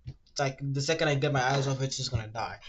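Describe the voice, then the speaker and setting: A man streaming casually while he draws, rambling and ranting, swearing freely and reading web answers aloud in a quick mumble. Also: slightly rough. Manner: rambling, ranty, swears freely, fillers like "low-key" and "like"; reads web search results aloud in a rushed mumble. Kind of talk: casual livestream chat while drawing.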